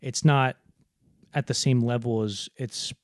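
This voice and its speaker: A man co-hosting a film podcast in casual chat, rambling and acting out movie lines in quick put-on voices. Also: mid-range voice, steady tone, dry recording, clean studio sound. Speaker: podcast co-host.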